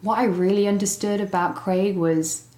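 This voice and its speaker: A young English woman telling her recovery story as a guest, animated, with fillers and laughs. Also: medium pitch, moderate pace. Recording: roomy echo.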